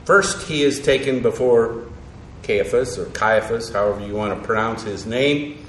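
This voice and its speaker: A man teaching an evening Bible lesson, halting, with frequent fillers and self-corrections. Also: mid-range voice, a little hiss or hum. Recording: echoey room.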